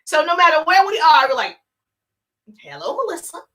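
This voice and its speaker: A woman business coach giving an energetic, emphatic live-streamed talk, repeating her key points and acting out sample phone calls. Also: sits high, fast, rough recording.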